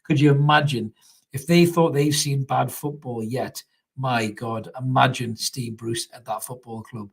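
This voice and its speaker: A man's voice: mid-range voice, steady tone, a little slow, gravelly, slightly rough. A young man hosts a live football reaction stream, chatting casually, laughing often and reading out viewer comments. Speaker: fan channel host.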